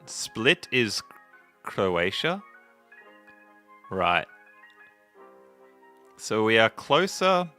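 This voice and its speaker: Faint music plays behind a gaming video host whose voice is on the low side, very animated, bright and forceful, with drawn-out words and long pauses. He jokes and chats casually through his gameplay commentary, drifting into stories along the way.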